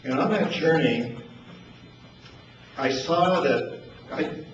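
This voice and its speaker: An older man from New Hampshire tells personal stories in a relaxed, anecdotal way, chuckling often and repeating words as he goes. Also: fairly high pitch, slow pace. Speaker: speaker telling stories. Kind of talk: storytelling talk. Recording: echoey distant lo-fi with noise.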